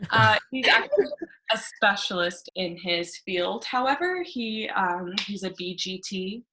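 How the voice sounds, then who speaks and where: A young woman performs a stand-up set from her living room over a video call. Her voice is bright and forceful, with a middling pitch. She mocks herself and keeps breaking into laughter at her own lines. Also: very animated, unhurried. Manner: self-mocking, laughs through her punchlines. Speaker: stand-up comedian. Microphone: webcam on a video call.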